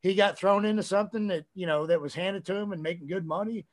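A man guesting on a podcast, talking casually and profanely in a rambling, animated way. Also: high-pitched, quick pace.

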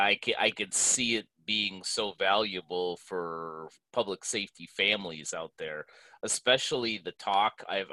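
A man's voice: low-pitched, sharp tone, no room sound, poor audio. A man hosting a podcast, talking in a loose, conversational way with lots of fillers. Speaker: podcast host. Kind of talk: podcast interview.

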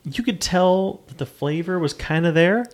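A man in a casual podcast chat, bluntly complaining about a meal with drawn-out emphasis. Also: high voice. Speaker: guest reviewing a restaurant.

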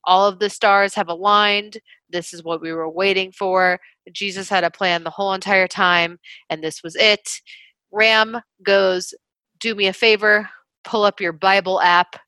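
A woman's voice: fairly low pitch, normal speed, no room sound. A woman co-hosting a podcast, retelling a movie plot in casual chat, acting out lines and swearing freely. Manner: animated storytelling, swears freely, acts out quotes. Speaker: podcast co-host.

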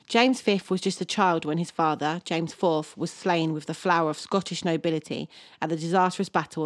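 A low-pitched woman reads a grim history tale aloud at a steady podcast pace. Her voice sits close and dry on the mic, with no room sound. She drifts into casual banter between the scripted passages. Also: normal speed, few pauses, dry recording. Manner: reads from a script, laughs often, unsure of place names. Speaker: podcast co-host.

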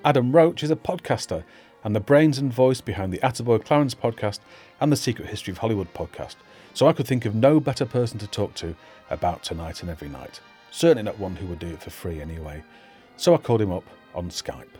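A man's voice: lowish voice, animated, quick pace, warm tone, soft background music. A man with a Mancunian accent from Manchester, hosting a podcast interview with a dry, teasing manner. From Manchester, England. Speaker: podcast host. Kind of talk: casual interview.

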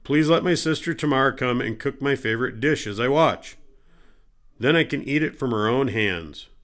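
A cruel young prince barks curt orders at servants and his sister, voiced by a man reading aloud. The voice is an everyday middle-pitched one with only a hard edge. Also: lively intonation, moderate pace, a bit bright, natural voice. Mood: plain.

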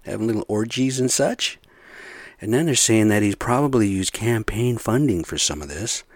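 A man with a deep, low voice rants casually to his viewers. He rambles, swears freely and keeps firing rhetorical questions. The recording is dry, with no room sound. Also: no echo. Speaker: vlogger. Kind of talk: casual profane rant to camera.

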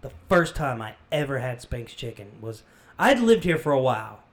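A man with a mid-range voice and a moderate pace co-hosts a casual podcast. He's not from the area and tells easygoing, rambling stories as a relaxed storyteller.

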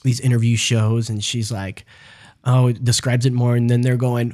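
A man's voice: medium pitch, flat delivery, moderate pace, a little mellow. A man hosting a casual podcast, reading news stories and ranting about them with heavy profanity and mockery. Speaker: podcast host. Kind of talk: casual crude news rant.

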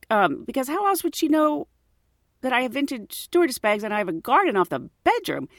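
A woman's voice: high-pitched, wildly swooping pitch, brisk, no echo, studio quality. A woman casually telling funny personal stories, laughing often and acting out her own thoughts. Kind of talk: casual storytelling.

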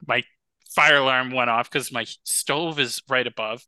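A young man co-hosting a casual podcast, telling stories with lively, worked-up energy. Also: medium pitch, a little slow, clear, resonant tone, no room sound. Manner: animated storyteller, gets loud and worked up. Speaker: podcast co-host. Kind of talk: casual chat.

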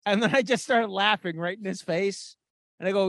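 A man's voice: high voice, normal speed, fairly bright tone, dry recording. A man co-hosting a podcast, telling a story in casual chat and swearing freely. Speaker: podcast co-host.

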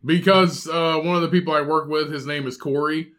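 A man's voice: a little high, steady tone, a little fast, a bit bright. A man co-hosting a podcast, teasing offhandedly and swearing in casual banter. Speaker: podcast co-host.

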